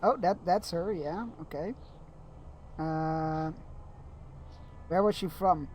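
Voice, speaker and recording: A man streams a video game and chats casually to his viewers. He rambles and uses lots of fillers, in a fairly high voice. A faint noise sits behind him. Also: slow, a little mellow. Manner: rambling and chatty, with many fillers. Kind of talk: casual chat while gaming.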